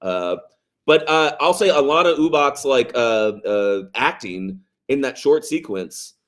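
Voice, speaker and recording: A man's voice: medium pitch, animated, measured pace, a bit bright. A man co-hosting a casual movie podcast, rambling with lots of fillers, swearing and laughing as he talks. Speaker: podcast co-host.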